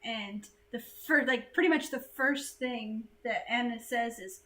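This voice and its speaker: A woman from the United States hosting a casual livestream chat, chatty and animated, laughing easily. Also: on the high side, unhurried, low-quality recording.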